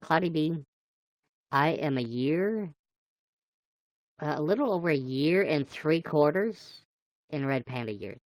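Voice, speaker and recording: Low-voiced playful woman livestreamer. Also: animated, a little slow, pauses often, darkish tone, dry recording. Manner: playful, chatty, greets viewers by name. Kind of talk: casual live chat with viewers.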